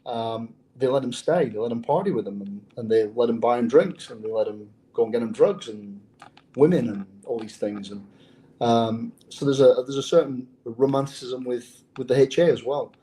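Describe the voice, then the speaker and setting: Interview guest, male former undercover cop: dark, mellow tone, blunt and profane, restarts his phrases. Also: medium pitch, normal speed. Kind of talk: casual interview storytelling.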